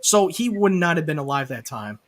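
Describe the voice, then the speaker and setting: A man's voice: on the high side, sing-song, a little fast. A man discussing a film casually, enthusiastic and swearing freely. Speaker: podcast co-host.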